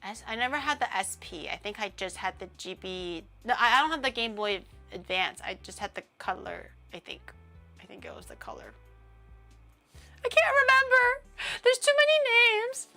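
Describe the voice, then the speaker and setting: A woman's voice: medium pitch, animated, fairly quick, creaky, music in the background. A woman streamer chatting casually on a livestream, ranting and swearing freely with a laugh.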